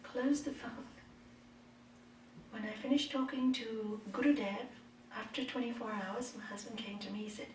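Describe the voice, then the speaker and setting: Middle-aged yoga teacher lady chatting thru a spiritual talk, kinda high voice, roomy hall, mic way off. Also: moderate pace, long pauses, a little hiss or hum. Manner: conversational, expressive storytelling. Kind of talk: spiritual talk with personal stories. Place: retreat meeting hall. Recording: echoey room, mic far off.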